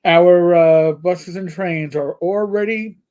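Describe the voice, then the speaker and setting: A man's voice: sits high, steady tone, takes it slowly, darkish tone. A man, co-hosting a casual live stream and telling rambling stories with casual swearing. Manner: rambling storyteller, swears casually, imitates his cat. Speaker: co-host of a gaming health live stream. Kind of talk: casual chat.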